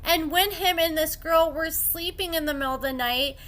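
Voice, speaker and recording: A woman's voice: very high-pitched, normal speed. A woman hosting a commentary channel, casually retelling a story and acting out the quoted lines as she goes. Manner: animated retelling with quoted voices. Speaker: commentary host. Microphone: desk microphone.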